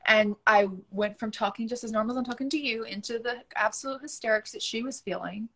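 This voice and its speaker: A woman's voice: fairly high pitch, brisk, bright, forceful tone, a little hiss or hum. Earnest woman telling a personal story. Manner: earnest, storytelling, acts out quoted voices. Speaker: guest, actress and mental health advocate. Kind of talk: candid emotional conversation.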